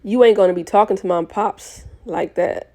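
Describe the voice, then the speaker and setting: A young woman reads a novel aloud in a casual manner, often correcting herself and starting lines over. Her voice is medium in pitch and mellow, with a moderate pace.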